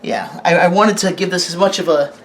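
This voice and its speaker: A host reviews a sword on camera in a casual, rambling way, often restarting sentences, halting, and asking the camera operator questions. The voice is medium-pitched and creaky, with slight background noise.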